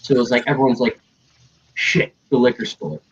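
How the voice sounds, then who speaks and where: A man's voice: medium pitch, fairly even intonation, fairly quick, creaky, husky. A young man telling a story in casual chat, acting out other people's lines and swearing freely. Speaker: stream host telling a story. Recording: dull lo-fi stream audio.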